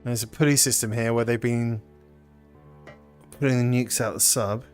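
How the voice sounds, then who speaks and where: A man hosting a VR puzzle game playthrough, chatting excitedly to viewers as he explores. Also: medium pitch, normal speed, faint music behind. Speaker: gaming channel host.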